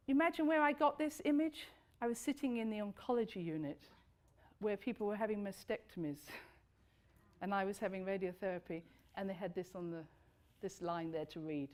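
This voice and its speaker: A middle-aged woman giving a lively talk to an audience, swooping high for emphasis and dropping low and soft. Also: a little fast.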